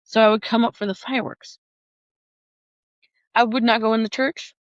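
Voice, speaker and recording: A woman who is a podcast guest, telling a personal story in an animated way, often laughing and acting out the voices of other people. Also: a little high, normal speed, no room sound, dull audio.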